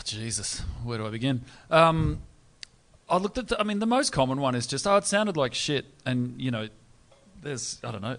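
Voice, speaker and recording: Laid-back musician man, mid-pitched. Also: creaky. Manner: laid-back, swearing, amused. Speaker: musician guest. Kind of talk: casual chat.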